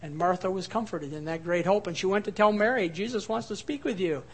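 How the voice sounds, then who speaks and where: High-voiced man preaching a sermon. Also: brisk, slightly rough. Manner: expressive, swings between quiet and emphatic. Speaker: pastor.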